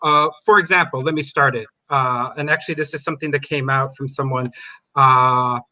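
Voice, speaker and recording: A man's voice: mid-range voice, steady tone, moderate pace, pushed and bright. A man hosting a video-call panel and asking rambling questions full of fillers. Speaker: host. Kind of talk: hosted panel chat.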